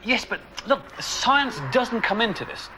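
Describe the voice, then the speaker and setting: An English comedian in a mockumentary scene, polite but indignant and prone to stammering. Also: male voice, extremely high pitch, animated, measured pace, very noisy.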